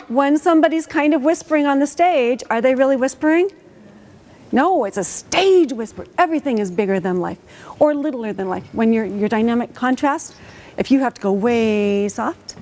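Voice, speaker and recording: A woman coaching a student orchestra in a school auditorium, lively and encouraging, asking the players lots of questions. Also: on the high side, a little hiss or hum. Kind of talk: rehearsal coaching.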